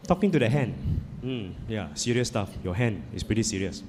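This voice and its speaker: A man giving an animated, conversational talk as a psychologist speaker, putting questions to his audience. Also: on the low side, fairly quick. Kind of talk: storytelling talk. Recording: reverberant hall, faint noise.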